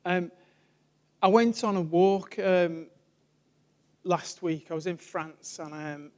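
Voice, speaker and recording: A man, a church evangelist giving an informal sermon, telling stories in a chatty way and trailing off softly. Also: high-pitched, slow pace. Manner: chatty storytelling, laughs often, trails off softly.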